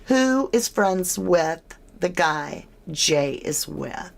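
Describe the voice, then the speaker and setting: A woman talks through a true crime case in a relaxed, speculative way. Her voice sits low and her pace is unhurried, and she keeps turning to her listeners with questions. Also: creaky. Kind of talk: casual speculative commentary.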